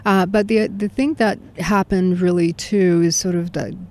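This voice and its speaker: A woman from Colombia, a translator and interpreter, speaking as a podcast guest in a measured, reflective way. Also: lowish voice, steady tone, darkish tone. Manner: measured, reflective, frequent affirmations. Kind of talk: conversational interview.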